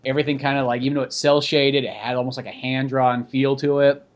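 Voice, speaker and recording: Fast-talking man in casual podcast chat. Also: mid-range voice, muffled recording. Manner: rambling, animated, heavy use of "like". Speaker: podcast host.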